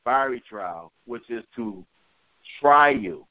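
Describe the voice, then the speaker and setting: Man reading verses, very slow, dry phone line, lo-fi sound. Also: mid-range voice, dry recording. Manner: reads slowly and deliberately. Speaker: scripture reader on a call. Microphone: phone conference call. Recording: dull lo-fi phone call.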